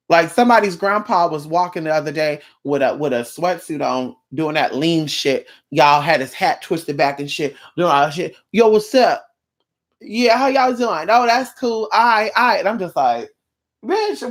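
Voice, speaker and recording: A woman ranting in a casual vlog, sassy and blunt, with plenty of profanity and mocking asides. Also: lowish voice. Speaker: vlogger.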